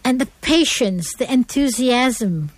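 A woman's voice: fairly high pitch, animated, slow, dry recording. Emphatic, lecturing woman. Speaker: guest speaker. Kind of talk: motivational talk on manners.

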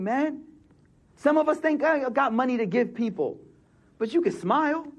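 Young male preacher, high voice, slangy and emphatic, Arabic phrases woven in. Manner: casual street-slang delivery mixed with Arabic phrases; emphatic, repeats phrases for effect. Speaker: Islamic preacher. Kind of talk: sermon.

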